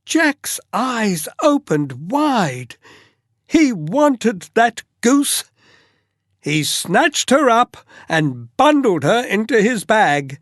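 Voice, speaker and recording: A storyteller reads a fairy tale as bedtime listening practice, pacing every phrase very slowly. The voice rises and falls in a lively, sing-song way. It is recorded close and dry, with no room sound. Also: medium pitch, dry recording. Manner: very slow, expressive read-aloud.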